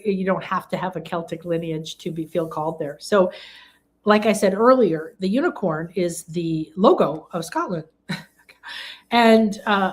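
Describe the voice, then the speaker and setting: A woman from England hosting a live spiritual talk, gushing and rambling, with bursts of excited exclamation. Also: fairly low pitch. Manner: rambling, with frequent restarts and fillers. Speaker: spiritual teacher and live-stream host.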